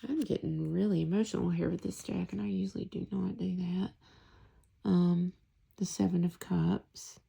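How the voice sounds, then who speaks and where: A woman in a soft-spoken tarot deck flip-through, murmuring and whispering her delight at each card. Her voice is low and mellow, with a heavy gravelly fry. She takes her time and stretches out the words she admires. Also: steady tone, normal speed. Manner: hushed, often whispering, gushing over artwork.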